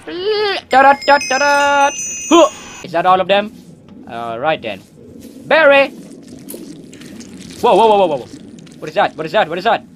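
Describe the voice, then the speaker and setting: A young man commentating a horror game as he plays, yelping, shouting and joking, then dropping into low mutters. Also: moderate pace, long pauses, slight background noise. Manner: excitable, yelps and shouts, joking asides; drops to a low, muttering aside between outbursts. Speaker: gaming YouTuber. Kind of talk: let's play commentary.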